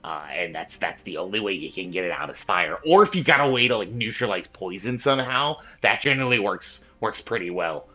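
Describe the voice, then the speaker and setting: A man's voice: on the low side, animated, brisk, few pauses, sharp tone. A man narrating a tabletop game as game master, rambling with many fillers and restarts. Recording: dull lo-fi sound with faint music.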